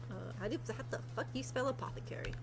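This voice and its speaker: A woman streamer chatting casually on a live stream, talking loudly and emphatically, repeating herself as she rants and reads news aloud. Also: sits high, quick pace, background noise. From Latin America. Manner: animated, emphatic, ranting with repeated phrases; loud.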